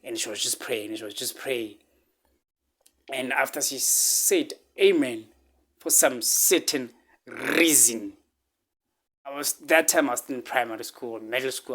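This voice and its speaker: This is a man with a mid-pitched voice who speaks at an unhurried, measured pace. He tells a personal story in halting speech, full of fillers and restarts, and he circles back to repeat the same phrases. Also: a bit bright. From South Africa. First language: a local South African language. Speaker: vlogger.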